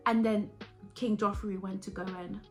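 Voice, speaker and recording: A young woman chatting casually to camera, animated and acting out her own reactions as she reviews a TV series. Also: mid-range voice, normal speed, faint music behind.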